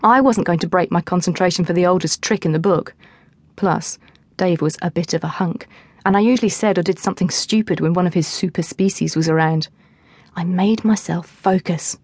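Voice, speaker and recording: A woman narrating a teen novel in the first person, in a lively storytelling manner, close to the mic. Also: lowish voice, fairly quick, dry recording. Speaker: audiobook narrator.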